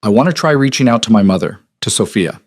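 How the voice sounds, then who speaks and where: A man voicing a guarded, vulnerable brooding man who talks quietly with calm control. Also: on the low side, quick pace. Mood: earnest.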